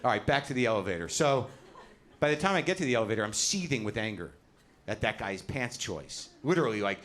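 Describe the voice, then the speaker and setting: A middle-aged man doing a stand-up set on a comedy club stage, ranting and mocking himself with lots of swearing and shouted punchlines. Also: medium pitch, sing-song, fairly quick. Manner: ranting, self-deprecating, profane, rising to shouts on punchlines. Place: comedy club stage before a live audience. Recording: live show with loud crowd laughter. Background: audience laughter.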